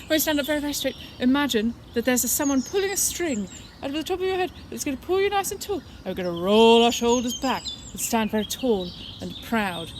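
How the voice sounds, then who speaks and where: A playful woman with a fairly high voice leads children through an activity lesson and then tells them a story. She speaks straight to her young audience, warm with encouragement. She was recorded outdoors in woodland, and birdsong carries clearly behind her. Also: very animated, brisk, hardly any pauses, a little hiss or hum. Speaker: children's church leader.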